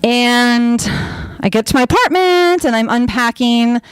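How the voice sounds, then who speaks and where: A young woman telling a personal story on stage in a chatty, animated way, full of fillers and acted-out quotes. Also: fairly high pitch, measured pace, clear, resonant tone, no echo, poor audio. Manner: acts out her own quoted lines.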